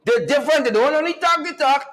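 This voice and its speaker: A man hosting a live-streamed talk show, animated and mocking, with a preacher-like cadence. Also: very high-pitched, fast, poor audio.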